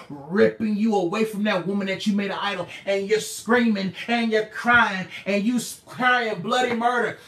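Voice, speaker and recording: A high-pitched male preacher swings between shouting and hushed, low asides. He gets the crowd to repeat his slogans back to him. The sound has a roomy echo. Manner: call-and-response, repeats slogans. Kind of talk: preaching sermon to a live audience.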